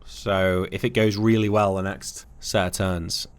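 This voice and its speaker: A man's voice: low voice, level tone, clean tone. A man learning a strategy game from a friend, asking lots of questions and cursing at setbacks. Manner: quick, curious, asks questions and grumbles with swearing. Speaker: friend, new player. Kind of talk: casual gameplay chat.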